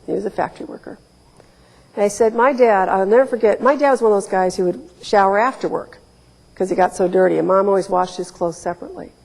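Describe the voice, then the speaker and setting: Speaking quickly in a mid-range, gravelly and slightly mellow voice, this Ohio woman in her forties shares wry, candid stories with emphatic quoted asides. The storytelling talk takes place in a lecture hall with plenty of reverb.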